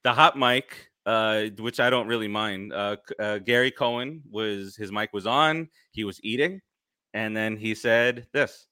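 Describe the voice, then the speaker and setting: A man hosting a casual sports podcast, rambling with halting restarts. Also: lowish voice, bright, forceful tone, clean tone, no echo, clean studio sound. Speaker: podcast host.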